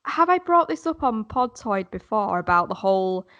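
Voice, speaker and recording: A woman's voice: medium pitch, big pitch swings, normal speed, fairly bright tone, dry recording, highs cut off. Chatty woman, dry close sound. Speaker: podcast co-host. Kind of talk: casual chat.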